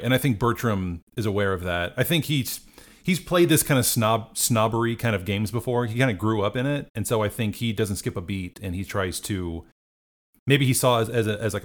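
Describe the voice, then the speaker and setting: A man playing a tabletop role-playing game, chatting casually and thinking aloud about his character. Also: on the low side. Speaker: player.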